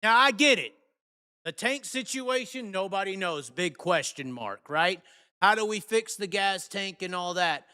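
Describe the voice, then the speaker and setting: A man hosting a live show, ranting angrily and cursing, swinging between shouts and mutters. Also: sits high, expressive, a little slow, smooth, long reverb tail. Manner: heated, profane, shifts from shouting to muttering. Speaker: host. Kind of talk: angry live rant.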